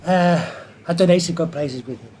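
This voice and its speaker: A man telling a lively anecdote from his film career in an interview, acting out the quoted voices as he goes. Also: a little high, normal speed, slight background noise. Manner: animated anecdote teller who acts out quotes. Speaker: martial artist and film stunt performer. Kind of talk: storytelling in an interview.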